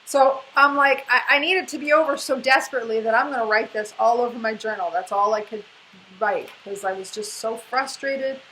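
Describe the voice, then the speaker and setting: A woman's voice: on the high side, a little fast, sharp tone, slight background noise, rough recording. A woman in her forties, co-hosting a casual video and reading aloud from her old journal, earnest but often breaking into laughter. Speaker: co-host sharing her spiritual journey.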